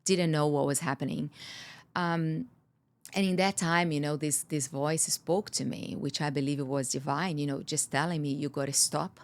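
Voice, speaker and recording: Low-voiced woman telling her story. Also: fairly even intonation, moderate pace. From Brazil. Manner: earnest, candid, tumbling rush of words with many restarts. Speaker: guest. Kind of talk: personal storytelling in a podcast interview.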